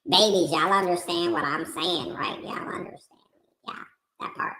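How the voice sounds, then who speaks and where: A man putting on a spooky, breathy, whispering voice with a slow, drawn-out, taunting delivery. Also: high voice, big pitch swings, sharp tone, a little hiss or hum, pitched above the performer's own voice, exaggerated voice. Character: creepy whispering spooky male voice. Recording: roomy echo, dull lo-fi sound.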